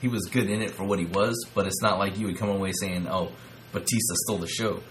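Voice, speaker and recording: A man co-hosting a casual podcast, talking in a measured, low-key way with some stammering. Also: steady tone, a little hiss or hum, low-quality recording. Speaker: podcast co-host. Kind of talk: casual wrestling podcast chat.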